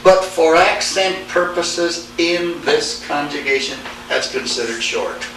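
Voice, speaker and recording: A man teaching a Greek class, lecturing slowly and quizzing his students as he goes. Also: fairly high pitch. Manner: slow, deliberate, asks the class questions. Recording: echoey room, speaker far from mic, faint hiss.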